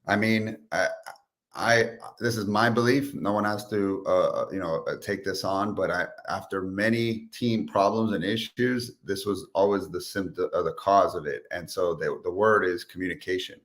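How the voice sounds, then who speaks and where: A sales expert and entrepreneur, guesting on a podcast, tells business stories in casual chat, animatedly acting out quotes along the way. His voice is low-pitched at normal speed.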